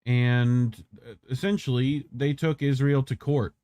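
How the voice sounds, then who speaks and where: A man's voice: medium pitch, steady tone, a little slow, warm tone, no echo. A man co-hosting an independent news livestream, talking in a chatty, loose way with lots of fillers. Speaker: news show co-host. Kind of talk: casual commentary on a livestream.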